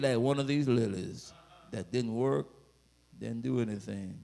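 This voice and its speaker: A man preaching a sermon with dramatic swells, bursts of shouting and playful asides. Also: mid-range voice, a little slow, vocal fry.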